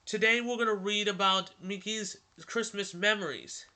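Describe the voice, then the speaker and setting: A man hosting a casual vlog and reading a storybook aloud, talking in an excited ramble full of restarts. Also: high voice, moderate pace. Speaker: host.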